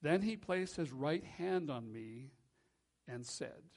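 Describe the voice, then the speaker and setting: A man preaching a sermon as pastor in a church, earnest and measured, slowing and dropping soft for emphasis. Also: on the high side, lively intonation, gravelly.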